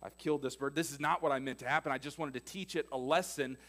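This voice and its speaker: A man's voice: medium pitch, fairly even intonation, quick pace, fairly bright tone. A man voicing a frazzled man in a told joke, talking to himself in a panic. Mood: panicked. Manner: panicky self-talk. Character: frazzled man fearing he killed his bird.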